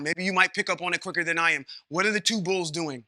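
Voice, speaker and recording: A man's voice: a little high, quick pace, hardly any pauses, pushed and bright, no echo, clean studio sound. A man teaching a Bible study class in a conversational way, asking the class questions, checking in with "okay?", and using folksy everyday comparisons. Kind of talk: informal scripture teaching.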